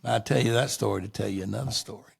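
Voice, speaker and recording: Gravelly low-voiced man telling stories. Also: quick pace, a little hiss or hum. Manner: rambling anecdotes with frequent restarts. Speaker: guest. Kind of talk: casual storytelling in an interview.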